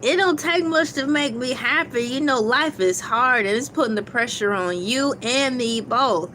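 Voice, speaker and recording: Giggly high-voiced woman livestreaming. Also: normal speed, sharp tone, slight background noise. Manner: giggly and playful, laughing often between lines; chatty, reads viewer comments aloud. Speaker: livestream host. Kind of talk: casual livestream chat.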